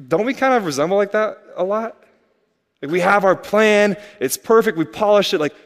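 A young man preaches in a relaxed, chatty manner, tossing rhetorical questions to his congregation. His voice sits a little high for a man. The sound carries the long reverb of a big church hall. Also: moderate pace. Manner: conversational, asks rhetorical questions. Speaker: pastor. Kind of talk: sermon.

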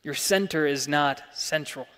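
Young male preacher, earnest sermon voice with loud peaks and hushed drops, fairly high pitch, long church hall reverb. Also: a little slow, clean tone. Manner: earnest, rising to emphatic peaks then dropping soft.

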